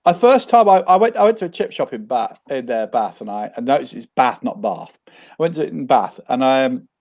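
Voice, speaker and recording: A man in casual conversation, telling a lively anecdote with frequent restarts and repeated words. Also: mid-range voice, fairly quick. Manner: animated anecdotal storytelling with many restarts. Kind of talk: casual chat.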